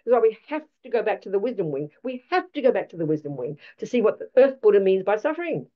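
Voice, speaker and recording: Animated woman giving a Buddhist teaching. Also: medium pitch, quick pace, dull audio. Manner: animated, emphatic and blunt, with rhetorical questions.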